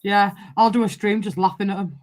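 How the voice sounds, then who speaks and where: A Northern English woman hosts a live football watchalong stream. She talks in a loose, blunt way, swears freely and keeps saying "I can't lie." Her voice sits in a middle pitch. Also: a little fast, darkish tone. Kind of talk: casual live-stream chat.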